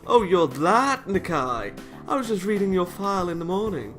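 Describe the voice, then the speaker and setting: A cheerful young male school nurse, as a man puts him on, pitched higher and louder than a plain reading voice. His delivery is upbeat and a little sly, bright and sharp in tone. Faint guitar music sits behind him. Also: lively intonation, normal speed.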